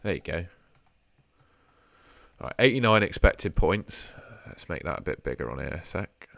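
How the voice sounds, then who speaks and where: A young man talks through a casual live stream, mulling things over aloud as he fiddles with his setup. His voice sits low, and the sound is dry and close to the mic. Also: expressive, normal speed, vocal fry, fairly bright tone, no room sound. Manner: chatty, thinks aloud while fiddling with screens. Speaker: host.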